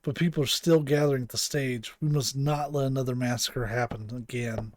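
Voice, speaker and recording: A man voicing a stern male police chief in a lowered, quiet, measured and solemn voice. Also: steady tone, a little hiss or hum, lightly acted.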